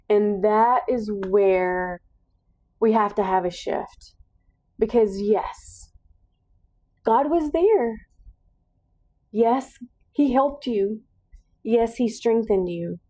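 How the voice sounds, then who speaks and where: A woman's voice: medium pitch, takes it slowly, pauses often, mellow. A woman hosting a solo podcast, speaking in an earnest, encouraging monologue with emphatic repetition. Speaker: podcast host.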